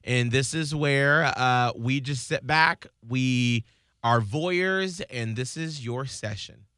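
A man hosts a podcast and introduces callers in measured, drawn-out phrases. He talks slowly, and his voice is bright and crisp. The sound is dry and close. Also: mid-range voice, no echo. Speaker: podcast host. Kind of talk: casual podcast chat.

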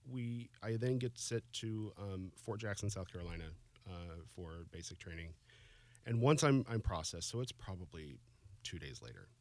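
Emotional, halting man telling a personal story. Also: low voice, animated, darkish tone, dry recording. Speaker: guest. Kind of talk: casual chat.

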